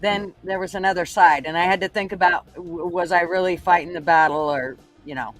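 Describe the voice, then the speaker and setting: High-voiced man talking earnestly. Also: fairly even intonation, a little fast, a bit bright, soft background music. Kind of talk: casual live chat.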